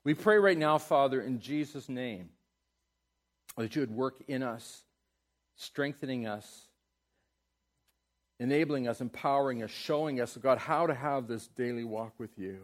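A man's voice: medium pitch, measured pace, long pauses. Middle-aged male pastor preaching passionately. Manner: emphatic preaching, swinging from loud exhortation to soft, tender prayer. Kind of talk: sermon.

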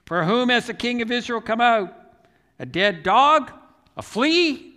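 A man's voice: very high voice, very animated, unhurried, sharp tone, long reverb tail, voice pushed up, exaggerated voice. A preacher voicing a young male warrior-king who pleads earnestly and declaims his innocence. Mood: indignant. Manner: impassioned, declaiming.

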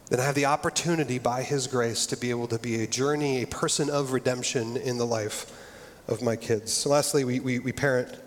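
A man's voice: mid-range voice, slight background noise. A middle-aged man preaching a sermon, earnest and conversational, often restarting his phrases. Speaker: pastor. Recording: long reverb of a large hall.

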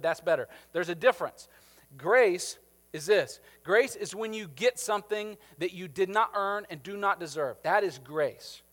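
A pastor in his thirties preaches a sermon conversationally, checking in with the congregation as he goes. His voice is fairly high and fairly bright, and the recording has long hall reverb.

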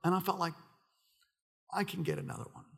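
A middle-aged male pastor preaching through a personal story, acting out the people in it and swinging between loud excitement and hushed quiet. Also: a little high, brisk, gravelly, slightly rough. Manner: animated, acts out quoted voices, swings from loud excitement to hushed near-whisper. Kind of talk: sermon storytelling.

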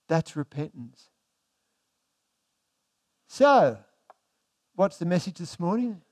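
A pastor preaching a sermon, asking the congregation rhetorical questions and swinging between emphatic and hushed delivery. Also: male voice, sits high, big pitch swings, takes it slowly, long pauses.

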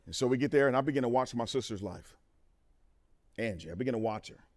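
A middle-aged man giving a testimony sermon at a men's conference, talking straight to the crowd and moving from quiet to loud. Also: medium pitch, fast. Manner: animated, talks to the crowd, swings from quiet to loud. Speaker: conference speaker.

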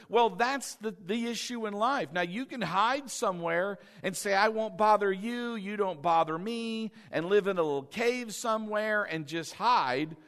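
A middle-aged man preaching a sermon as pastor, calling the congregation to repeat words back and swinging between loud and soft. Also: sits high.

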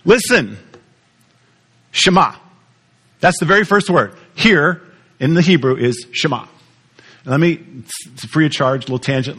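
A man preaching a sermon, teaching with lively repetition and questions to the congregation. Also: on the high side, measured pace, long pauses, slightly rough. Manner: animated teaching, repeats words, asks the audience questions. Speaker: pastor.

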